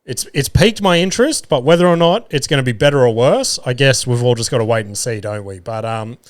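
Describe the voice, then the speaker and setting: A man's voice: medium pitch, fairly quick. A man hosting a solo podcast in casual chat, rambling, swearing freely and filling gaps with "um" and "like" as he hunts for words. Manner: loses his words mid-thought. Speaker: podcast host.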